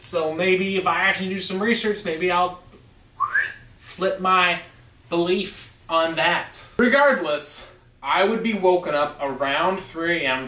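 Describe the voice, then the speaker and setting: A man's voice: a little high, pushed and bright, recorded from a distance. A man telling a story on a vlog, in an emphatic and insistent way. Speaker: vlogger. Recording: echoey room, away from mic.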